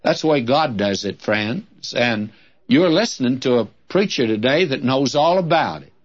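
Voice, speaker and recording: An older man giving folksy, earnest Bible teaching on the radio, with a homespun and drawn-out delivery. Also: mid-range voice, lively intonation. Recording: dull lo-fi old radio recording.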